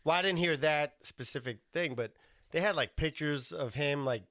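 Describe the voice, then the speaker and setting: Podcast guy, swears a lot, bright voice, pitch all over the place, dry sound. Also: normal speed, no room sound. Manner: profane, animated storytelling. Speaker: podcast co-host. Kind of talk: casual chat.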